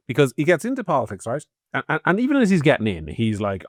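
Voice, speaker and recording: A man's voice: mid-range voice, huge pitch swings, fast talker, hardly any pauses, dry recording, clean studio sound. An Irish man co-hosting a podcast, giving opinionated political commentary in a sardonic, swearing tone. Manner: sardonic, swearing, swings loud and soft. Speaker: podcast co-host.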